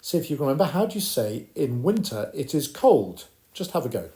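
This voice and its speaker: A man teaching a primary school Spanish lesson, encouraging the children and slowly modelling phrases for them to repeat. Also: mid-range voice, sing-song, warm tone. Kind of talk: recorded classroom lesson.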